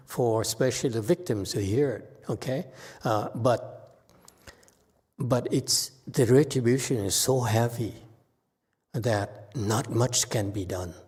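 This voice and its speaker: A man giving an unhurried dharma talk as a meditation teacher, often stopping to ask "okay?". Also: medium pitch, a little mellow, slightly rough, long reverb tail. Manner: unhurried, with frequent "okay?" checks. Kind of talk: dharma talk answering questions.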